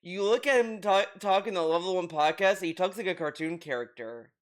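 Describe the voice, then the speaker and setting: High-voiced man ranting in exasperation. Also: fairly quick. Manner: exasperated, ranting with frequent restarts and swearing. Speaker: commentary youtuber. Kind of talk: reaction commentary.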